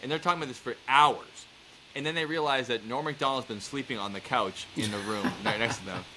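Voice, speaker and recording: Animated man telling stories, noisy room. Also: mid-range voice, brisk. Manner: animated storyteller, swearing, acting out quotes. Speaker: podcast co-host. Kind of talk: casual chat.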